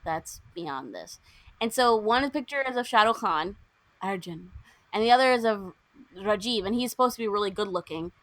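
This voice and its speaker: A woman's voice: medium pitch, no room sound. A young woman co-hosting a podcast, casually and animatedly retelling a film plot and acting out the characters' lines. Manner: animated, acts out characters' lines in quick put-on voices. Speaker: podcast co-host.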